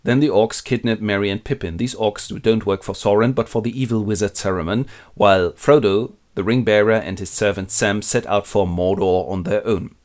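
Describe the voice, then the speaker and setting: A man with a German accent telling a fantasy epic as a quick comic retelling, narrating and jumping into character voices. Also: fairly even intonation, darkish tone. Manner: playful, switches into squeaky voices for characters.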